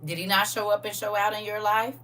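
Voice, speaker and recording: A woman's voice: medium pitch, level tone, fast talker, a bit bright, recorded from a distance, slight background noise. A woman hosting a casual faith livestream, laughing and talking straight to her viewers while she reads their comments.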